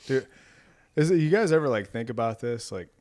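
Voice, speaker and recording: A man's voice: medium pitch, expressive, fairly quick, darkish tone. Profane, rambling young man co-hosting. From Ohio. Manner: profane, rambling, laughs often. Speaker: podcast co-host. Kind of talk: casual chat.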